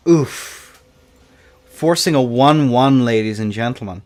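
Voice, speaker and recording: A young man doing play-by-play commentary on a video game tournament, animated, swinging between hushed and hyped calls, with playful asides. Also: medium pitch, slow pace. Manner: playful, slips into a joking Scottish accent.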